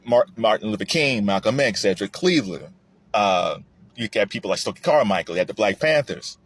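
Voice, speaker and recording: Animated man with a husky voice. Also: fairly quick. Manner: animated, rising high when emphatic, with frequent restarts. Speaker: commentary vlogger. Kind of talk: political commentary monologue.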